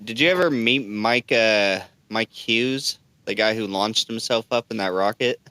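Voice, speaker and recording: A man's voice: lowish voice, measured pace, pushed and bright, clean tone, no room sound. A man hosting a podcast, asking casual, hesitant questions full of fillers. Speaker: podcast host.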